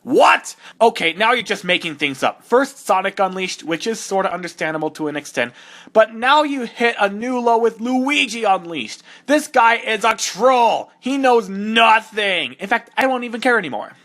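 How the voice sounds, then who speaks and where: A man's voice: high-pitched, brisk, few pauses, bright, forceful tone. A man voicing a cocky young male hedgehog hero, reading fan fiction aloud with sarcastic, exasperated mockery. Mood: mocking. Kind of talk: comedic fan-dub reading.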